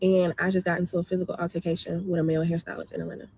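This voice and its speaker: A young woman quickly retelling a bad salon visit in a storytime video, indignant and talkative. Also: lowish voice, flat delivery, vocal fry, darkish tone, husky. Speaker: customer telling her story.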